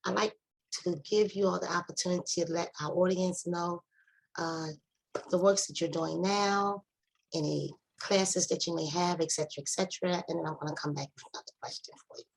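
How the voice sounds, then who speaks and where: Woman, moderator, online panel, video call, lower voice, measured. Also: fairly even intonation, creaky, poor audio.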